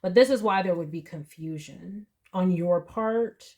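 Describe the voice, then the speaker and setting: Female tarot reader, low register, earnest and emotional, casual monologue. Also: unhurried, dark tone. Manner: emotional, earnest, chatty with laughs and asides.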